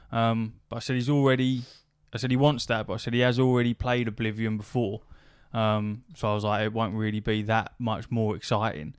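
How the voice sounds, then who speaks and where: A man's voice: medium pitch, clear, resonant tone, no echo, clean studio sound. A man, a podcast host telling a long anecdote in casual chat, swearing freely and acting out quoted back-and-forth dialogue.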